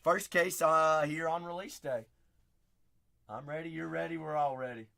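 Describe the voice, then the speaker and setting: A man's voice: on the high side, steady tone, normal speed. A man hosting a live card break stream, chatty and hyping up his viewers. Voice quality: raspy. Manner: chatty, hypes up viewers, shouts out names.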